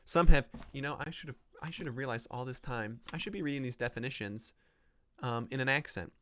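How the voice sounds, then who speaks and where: A man's voice: mid-range voice, brisk, sharp tone, a little hiss or hum. A man hosting a casual solo podcast, talking in a rambling way with frequent ums and likes. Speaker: podcast host.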